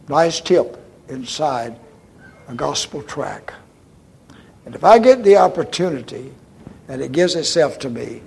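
A man's voice: fairly high pitch, creaky, breathy edge. An older man pastor delivering an emphatic sermon, addressing the congregation as folks and checking in with okay. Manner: emphatic, repeats "okay?" and "folks", swings from loud to hushed.

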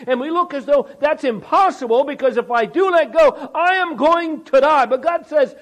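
A man's voice: extremely high pitch, moderate pace, hardly any pauses. A male pastor preaching a sermon in a conversational way, often repeating words and restarting phrases, and building emphasis on rhetorical questions.

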